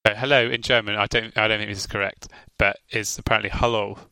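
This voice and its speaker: Teasing podcast host, bright. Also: male voice, on the low side, fairly even intonation, fast, creaky, clear, resonant tone, no echo. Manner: dry, teasing banter. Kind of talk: casual podcast chat.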